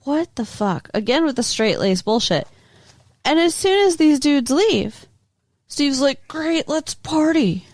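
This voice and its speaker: A woman's voice: high-pitched, expressive, measured pace, a little mellow, dry recording. A woman co-hosting a podcast in casual chat, blunt and incredulous, swearing freely. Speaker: podcast co-host.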